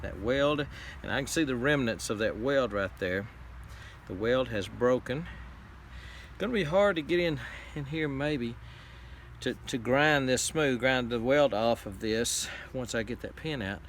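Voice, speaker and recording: Man from Texas, farm repair vlog host, plain and halting with "uh"s, mid pitch, faint outdoor noise. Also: expressive, a bit bright. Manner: plainspoken, halting, many fillers and restarts. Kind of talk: casual how-to repair video.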